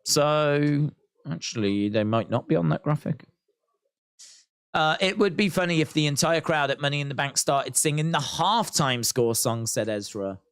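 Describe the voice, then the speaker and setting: A man hosting a live watch-along stream, chatting, reading viewer comments aloud and thinking out loud with many restarts. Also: a little high, normal speed, smooth, no room sound, clean studio sound. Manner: rambling, thinking aloud, reads chat comments. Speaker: wrestling watch-along host. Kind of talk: live-stream reaction chat.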